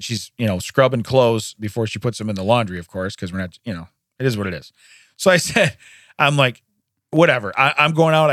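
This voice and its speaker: Male co-host, lively storyteller who laughs a lot, pitch moves all over, dry close mic. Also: no echo. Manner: animated, laughs often, acts out quotes. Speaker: podcast co-host. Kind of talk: casual storytelling chat.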